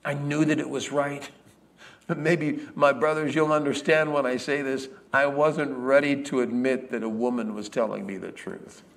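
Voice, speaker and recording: A man's voice: mid-range voice, fairly even intonation, normal speed, creaky. A man delivering a dramatic first-person monologue as a biblical character, speaking directly to the congregation. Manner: storytelling, addresses the congregation directly. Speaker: preacher performing a biblical character.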